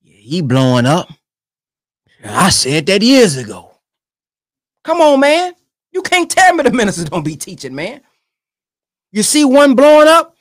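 A young man giving emphatic, animated commentary on a sermon clip he is reacting to. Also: high voice, unhurried, long pauses, no room sound, studio quality. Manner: animated and emphatic, keeps urging "come on, man". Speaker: online commentator.

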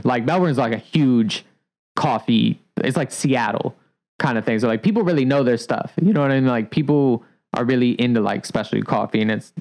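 Picture a laid-back man chatting casually on a podcast, his voice sitting in an ordinary middle pitch. He rambles loosely, stacking up fillers as he explains the finer points of making coffee drinks. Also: poor audio. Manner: relaxed, rambling, many fillers like "like". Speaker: coffee shop barista.

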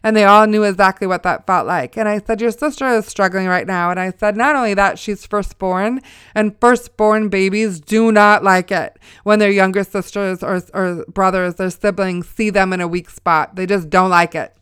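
A woman's voice: medium pitch, fairly even intonation, moderate pace, a bit bright, clear, resonant tone, no echo, studio quality. A woman in her forties telling a family story as a spoken testimony, conversational with preacher-like asides. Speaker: mother sharing a testimony.

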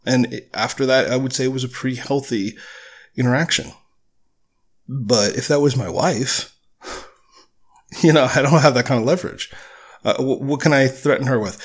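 Male podcast host, mid-pitched, candid and blunt, swears casually, solo monologue. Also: moderate pace, pauses often, slightly rough.

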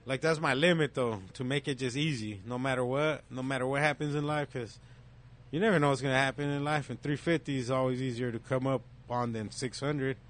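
A man's voice: mid-range voice, brisk. Man, casual slangy storyteller, swears a lot, acts out both sides. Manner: profane, animated storytelling, acts out dialogue. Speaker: storyteller in a casual group chat. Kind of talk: casual chat.

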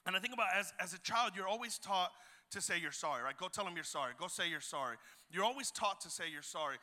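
Bright, animated man preaching. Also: high voice. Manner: animated and jokey, acts out voices in anecdotes. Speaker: guest preacher and youth pastor. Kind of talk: storytelling sermon. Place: church auditorium. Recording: long hall reverb.

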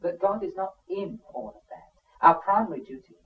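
A man's voice: high-pitched, expressive, moderate pace, gravelly. A man preaching a sermon in an emphatic, conversational way, with frequent asides to the listeners. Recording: dull sound from a distant mic.

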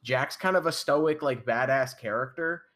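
A man co-hosting a casual podcast chat, talking quickly and bluntly. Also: medium pitch, a bit bright. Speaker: podcast co-host.

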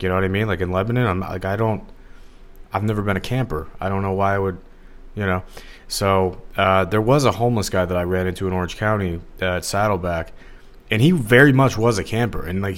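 Guy rambling on his podcast, real low deep voice, wanders off topic. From Los Angeles area. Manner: rambling, digressive, casual with fillers. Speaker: podcast host. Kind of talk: rambling solo podcast monologue.

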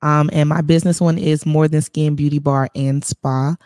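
Clean studio sound with no echo captures a woman's deep voice at a moderate pace. She owns a spa and works as an esthetician, and as a guest in a relaxed interview chat she laughs a lot and keeps an encouraging tone.

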